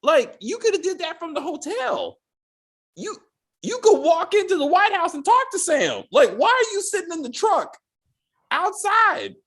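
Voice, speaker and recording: A man co-hosting a casual TV review podcast, swearing freely and acting out characters' lines in quick exasperated bits. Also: extremely high pitch, very animated, fairly bright tone. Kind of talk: casual spoiler review chat.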